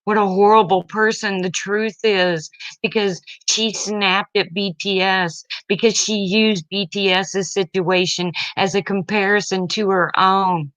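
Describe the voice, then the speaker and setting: A parent venting online, this middle-aged woman uses a mid-range, slightly bright voice with a steady tone, a measured pace, and few pauses. Her emotional rant about her family is blunt, heated, and at times tearful. The audio is dull lo-fi and dry, without room sound.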